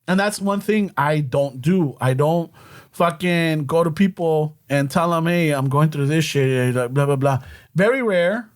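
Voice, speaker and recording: High-voiced man mixing Spanish into chat. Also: a little slow. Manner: profane, mixes Spanish into English. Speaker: podcaster. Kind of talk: casual chat.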